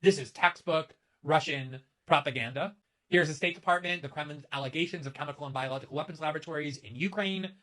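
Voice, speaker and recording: A man's voice: fairly high pitch, fast talker, a bit bright. A man delivering an emphatic, sharply critical political commentary to camera. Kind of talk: scripted commentary video.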